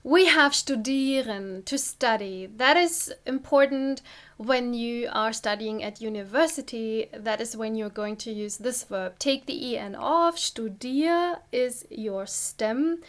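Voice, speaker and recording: A woman from Germany, giving an online language lesson and explaining step by step with careful, deliberate pronunciation. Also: a little high. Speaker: German teacher.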